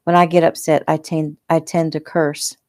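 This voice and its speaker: A woman reading the lines of a defensive, sharp-tongued young woman in a casual audiobook reading. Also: low-pitched, flat delivery, moderate pace, close to an everyday voice. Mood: prickly.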